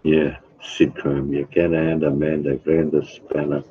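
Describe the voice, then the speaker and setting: Very deep husky man, tinny. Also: level tone, a little slow. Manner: rambling, addresses chatters by name. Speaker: livestreamer. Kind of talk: casual chat with live viewers. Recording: tinny phone-like sound.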